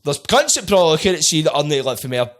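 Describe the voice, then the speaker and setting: A man's voice: on the high side, sing-song, very fast. A Scottish man hosting a podcast in casual chat, swearing freely and bantering. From Scotland. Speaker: podcast host.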